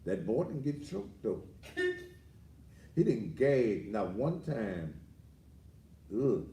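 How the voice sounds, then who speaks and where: A man hosting a ranting commentary show, boisterous and rambling with sudden loud outbursts, heard on a distant mic. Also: mid-range voice, very animated, slow, reverberant. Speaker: host.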